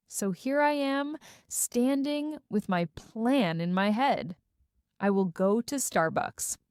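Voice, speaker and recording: Woman narrator for a learner story, slow and careful, lively melody. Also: medium pitch, clean tone, dry recording, studio quality. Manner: careful, deliberate, expressive reading.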